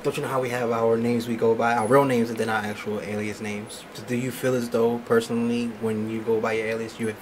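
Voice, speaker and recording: A man's voice: mid-range voice, little pitch movement, a little fast, hardly any pauses, noisy background. A man hosting a casual radio chat, laughing often and asking questions.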